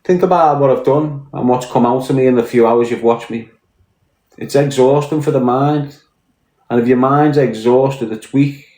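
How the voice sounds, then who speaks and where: A man's voice: medium pitch, moderate pace, warm tone. Blunt, confrontational Scouse man. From Liverpool, England. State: mentally tired. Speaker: live streamer. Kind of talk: casual livestream rant. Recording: roomy echo.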